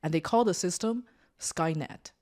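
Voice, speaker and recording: A woman's voice: fairly low pitch, normal speed, darkish tone. A woman hosting a podcast, explaining things at length in a chatty way with lots of filler words. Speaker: podcast host. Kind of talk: casual podcast chat.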